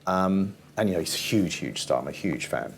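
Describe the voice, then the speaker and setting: Older male TV producer, very deep voice, chatty anecdotal storyteller, faint background noise. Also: animated, brisk, vocal fry. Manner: rambling, laughs often, quotes people in voices. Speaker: TV format producer, interview guest.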